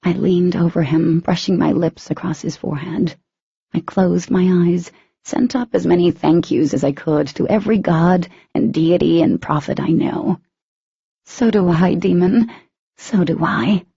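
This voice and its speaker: Woman reading a romance audiobook, husky dark gravelly voice, kinda muffled dry recording. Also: lowish voice, normal speed, no echo. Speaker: audiobook narrator. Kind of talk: first-person romance novel narration.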